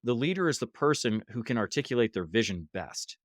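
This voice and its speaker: A man's voice: medium pitch, a little fast, dry recording, studio quality. A man telling a story as a podcast guest and talking about leadership workshops, acting out the voices of the people in it. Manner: animated storyteller, acts out quoted voices. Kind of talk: casual interview storytelling. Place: hostel room.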